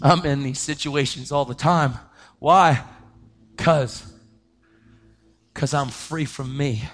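A man preaching a sermon, telling a story with lively energy and acting out the voices of the people in it. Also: slow pace. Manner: animated, acts out quoted voices, pitch jumping up when excited.

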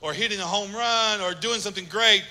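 A man's voice: high-pitched, fairly quick, pushed and bright. A man preaching a sermon as pastor, emphatic, repeating phrases and acting out little quotes. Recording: long hall reverb.

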